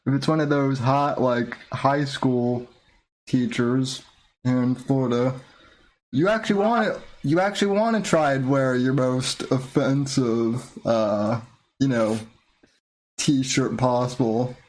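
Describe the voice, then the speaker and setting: A man's voice: mid-range voice, takes it slowly, poor audio. A man hosting a podcast, chatting casually and joking. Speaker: podcast host. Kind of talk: casual chat. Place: Florida.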